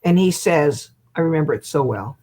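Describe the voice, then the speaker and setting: Lively older woman telling a story. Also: deep voice, moderate pace. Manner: lively storyteller who acts out quotes and laughs. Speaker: guest hypnotist. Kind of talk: animated storytelling in an interview.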